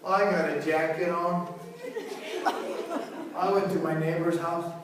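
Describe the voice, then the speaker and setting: A male priest preaching a sermon in a church, animated and joking, with many repetitions. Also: on the high side, a little slow, a crowd in the background. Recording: echoey hall, far from mic.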